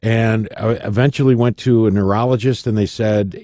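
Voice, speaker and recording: Low, warm-voiced radio man telling a story. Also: moderate pace, hardly any pauses, no echo. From Michigan. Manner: dramatic, animated storytelling that acts out quoted voices. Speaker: radio personality, guest. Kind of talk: interview storytelling. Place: radio studio.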